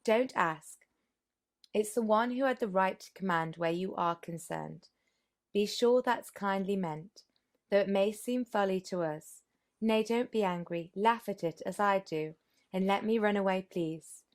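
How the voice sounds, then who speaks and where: A woman voicing a shy young governess who is guarded and sly, speaking hesitantly and softly. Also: mid-range voice, a little slow, close to an everyday voice. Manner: hesitant and soft.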